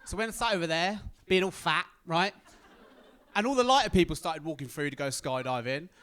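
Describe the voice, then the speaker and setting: A young man from Britain telling a stand-up story on stage, animated and acting out the other people's voices. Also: a little high, fairly quick, clean tone. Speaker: stand-up comedian.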